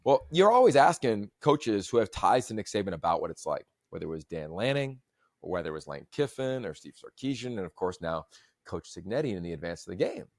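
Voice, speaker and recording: A man hosting a podcast, telling stories in a long-winded, animated way. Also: lowish voice, brisk, no echo, studio quality. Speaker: podcast host. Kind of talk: casual chat.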